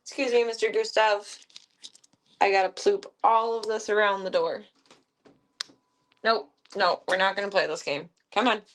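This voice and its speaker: A woman's voice: mid-range voice, fairly even intonation, moderate pace, long pauses, fairly bright tone. Chatty woman cooing at animals. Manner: chatty, coos and baby-talks to animals. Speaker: streamer working with animals. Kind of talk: casual live-stream chat.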